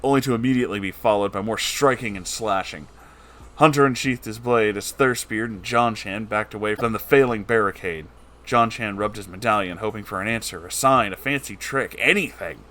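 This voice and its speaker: Reading a storybook aloud, this man speaks fairly quickly in a fairly low voice with a sharp edge to it. He narrates dramatically and jumps into different voices for each character.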